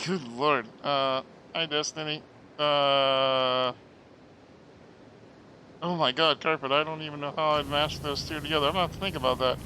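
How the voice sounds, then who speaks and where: A man streaming a game and chatting with viewers, joking and self-mocking, often clearing his throat. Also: a little high, fairly even intonation, fast, sharp tone, a little hiss or hum, poor audio. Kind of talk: casual chat reading out stream chat.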